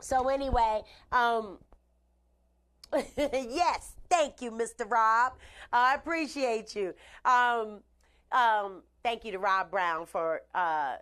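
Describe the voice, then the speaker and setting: A woman hosting a live online show, chatting casually with shout-outs and blunt opinions. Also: on the high side, takes it slowly, clear, resonant tone. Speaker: host. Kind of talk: casual live-stream talk.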